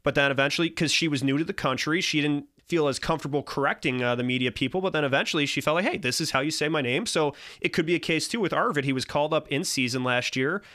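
A man's voice: fairly high pitch, fast, few pauses, sharp tone, no room sound, studio quality. A man co-hosting a sports podcast, talking casually and rambling a bit, with many fillers and restarts. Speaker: podcast co-host.

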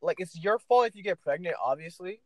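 A young man co-hosting a casual podcast, ranting with loud and soft swings. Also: sits high, lively intonation, a little fast, low-quality recording. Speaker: podcast co-host.

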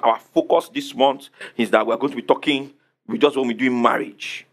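A man's voice: medium pitch, fairly quick. A man preaching a sermon, repeating questions to the congregation and answering them emphatically. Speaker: pastor.

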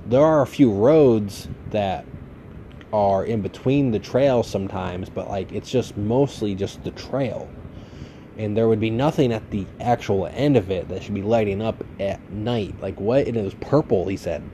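Male podcast host, late 20s, low mellow voice, loose profane storyteller. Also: a little hiss or hum. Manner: rambling, profane, laid-back. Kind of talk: casual storytelling monologue.

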